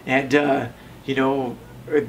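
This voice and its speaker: A man's voice: medium pitch, flat delivery, slow pace, recorded from a distance, a little hiss or hum, poor audio. Rambling man telling his story. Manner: rambling, many fillers, acts out quoted voices. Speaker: tattoo shop owner telling his story. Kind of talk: relaxed interview storytelling.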